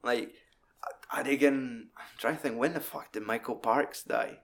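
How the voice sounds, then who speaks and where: Profane, animated man. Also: moderate pace, gravelly. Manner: profane, animated, acts out quotes in loud high voices. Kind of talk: casual film discussion.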